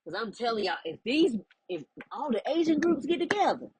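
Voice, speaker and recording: A woman's voice: a little high, very animated, brisk, a little mellow, slight background noise, poor audio. A woman, speaking as a spiritual life coach in an emphatic, preachy monologue. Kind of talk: direct-to-camera monologue.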